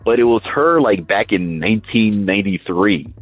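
A man's voice: on the low side, moderate pace, slightly rough, no echo. A man hosting a podcast, telling a story casually with lots of "like" and acted-out quotes. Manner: animated, lots of "like", acts out quotes. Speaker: podcast host. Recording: phone-like line with faint music.

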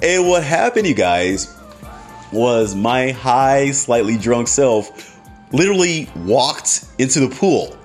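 A man tells a rambling personal story straight to his audience. His delivery is animated, with a pitch that leaps all over, and he swears freely and breaks into laughter. Faint music plays underneath. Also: takes it slowly. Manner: animated, profane, laughs often. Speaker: storyteller addressing viewers. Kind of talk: casual storytelling.

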